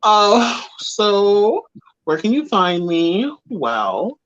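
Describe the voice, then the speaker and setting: A man in drag as a co-host, chatting casually and laughing as he introduces his look on a live stream. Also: high-pitched. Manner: slow, relaxed, laughing introduction. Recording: dull lo-fi stream audio.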